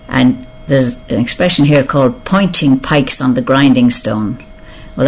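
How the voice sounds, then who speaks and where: Reading through a list of words, an older Irish-accented speaker with a medium pitch says each one aloud and slowly muses on what it means, often confessing not to know.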